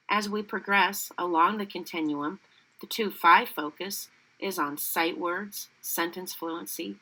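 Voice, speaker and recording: Lower-pitched woman narrating teacher training. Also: rough recording. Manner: steady, explanatory delivery. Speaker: literacy educator.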